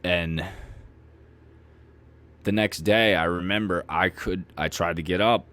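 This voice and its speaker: A man with a low, deep voice talks through his own past as a podcast host. He speaks frankly and casually, swearing freely and slipping in dark humor. He is close on the mic. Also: fairly even intonation, slow. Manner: candid, profane, conversational, with dark humor. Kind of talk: personal storytelling monologue.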